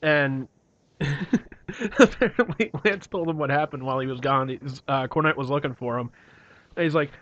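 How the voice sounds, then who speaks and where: A man's voice: on the high side, moderate pace, fairly bright tone, no room sound. A young man co-hosting a podcast, telling rambling stories with lots of swearing. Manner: rambling storytelling, heavy swearing. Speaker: podcast co-host. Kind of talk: casual chat. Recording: dull lo-fi, dry.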